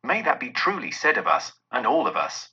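A man reading a classic story aloud in an expressive, dramatic storybook narration. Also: medium pitch, normal speed, breathy edge. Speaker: reader. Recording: dull lo-fi recording.

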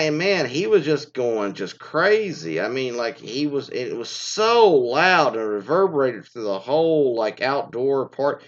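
A man hosting a casual commentary, reading news items and then ranting in a rambling, profane, exasperated way. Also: medium pitch. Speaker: commentary host. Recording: dull lo-fi sound.

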